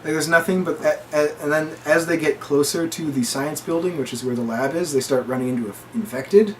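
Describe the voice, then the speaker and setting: A man's voice: a little high, a little fast, a crowd in the background. A man co-hosting a casual chat, retelling a story with lots of quoted dialogue and restarts. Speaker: podcast co-host.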